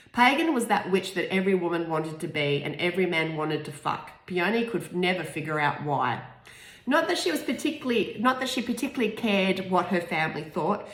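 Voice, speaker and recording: A lower-pitched woman reading her own novel aloud in a relaxed, unpolished way. She restarts stumbled words and breaks off for small asides. The room around her has a noticeable echo. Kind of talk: informal audiobook reading. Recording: echoey room.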